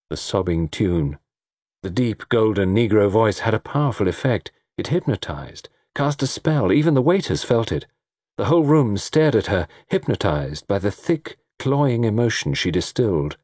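A man's voice: on the low side, very animated, moderate pace, darkish tone, no room sound, studio quality. A man reading a story aloud, with dramatic, varied storytelling. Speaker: audiobook narrator. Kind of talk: scripted narration.

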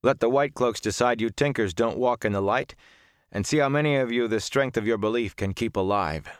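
A gruff, sour young man who mutters and cuts conversations short, as a male narrator voices him. His voice is deep and close. The recording sounds dry and studio-clean. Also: expressive, normal speed, no echo. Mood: angry. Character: young man, gruff, curt, quick to anger.

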